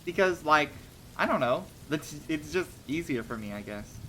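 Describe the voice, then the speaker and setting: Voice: medium pitch, expressive, normal speed, fairly bright tone, slight background noise. A streamer telling short stories on a casual livestream, hesitant with many ums and restarts, laughing between thoughts.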